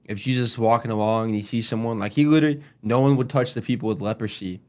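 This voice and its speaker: A man's voice: mid-range voice, steady tone, racing, darkish tone. A man in casual conversation, reflecting on faith with loose, filler-heavy phrasing. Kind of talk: casual chat.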